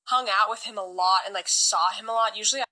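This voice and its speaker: A young woman from California telling a personal story in a chatty way, full of fillers and lively quoted lines. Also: mid-range voice, fast, poor audio. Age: young adult. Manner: chatty, many fillers, animated quoting. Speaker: singer vlogging. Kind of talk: casual storytelling to phone.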